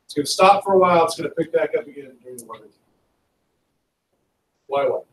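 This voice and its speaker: A male history teacher lecturing a class in a lively, conversational way and asking students questions. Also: fairly high pitch, fairly quick. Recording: echoey classroom from far off.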